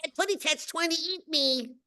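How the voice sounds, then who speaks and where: A man's voice: very high voice, normal speed, bright, forceful tone, voice pushed up, heavily acted. A man voicing a tiny, timid cartoon canary in lisping baby talk. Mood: alarmed.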